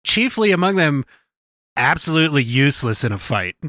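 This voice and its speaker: A man's voice: on the high side, sing-song, normal speed, pushed and bright, dry recording. A man co-hosting a podcast, chatting casually with wry, joking asides. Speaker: podcast co-host. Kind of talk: casual chat.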